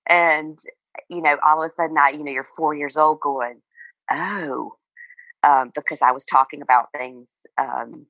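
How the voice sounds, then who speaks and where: A middle-aged woman guest with a notably low voice speaks in a dry, close recording. She talks casually and haltingly, with many fillers and restarts, and she laughs often. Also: steady tone, fairly bright tone, no echo, lo-fi sound. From Virginia, United States. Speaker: guest author. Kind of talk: casual interview chat.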